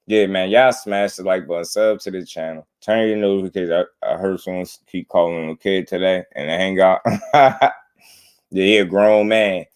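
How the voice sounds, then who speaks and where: Casting: low-voiced man, relaxed livestream host chatting with viewers. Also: normal speed, smooth. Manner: laid-back, laughing, talks to chat. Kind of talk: casual livestream commentary.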